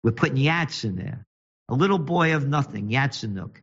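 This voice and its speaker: A man hosting his own show, delivering indignant, mocking political commentary that alternates rapid reading with slow, emphatic jabs. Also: medium pitch, expressive, a bit bright, slightly rough, muffled recording. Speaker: show host and magazine publisher.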